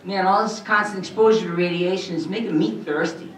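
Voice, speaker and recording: A man's voice: sits high, steady tone, brisk, fairly bright tone, a little hiss or hum, voice pushed up. A man voicing a dopey adolescent delivery boy. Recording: distant, roomy, muffled hall recording.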